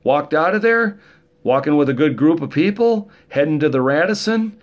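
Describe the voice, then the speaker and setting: In a fairly high voice with lively intonation, a middle-aged man spins stories at a normal speed. It's a casual vlog monologue, rambling, full of jokes, and rough around the edges.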